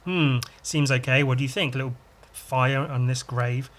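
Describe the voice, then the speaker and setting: A man's voice: mid-range voice, steady tone, normal speed, fairly bright tone. A man hosting a podcast, chatting casually and enthusiastically while reading a comic and adding his own sound effects. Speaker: podcast host.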